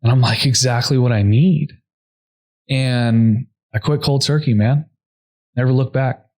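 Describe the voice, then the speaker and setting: A young adult man, a podcast guest, earnestly telling a personal story at a quick clip, full of "like" fillers. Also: medium pitch, steady tone, a little mellow. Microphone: podcast microphone.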